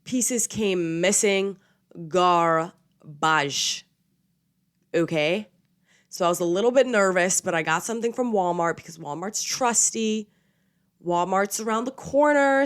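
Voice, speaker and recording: A woman's voice: mid-range voice, clean tone. A young woman in her twenties hosting a podcast, chatting casually and poking fun at herself, a little under the weather with a slight cold. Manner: chatty, self-mocking, lots of "okay?" and "like". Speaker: podcast host. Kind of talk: casual chat.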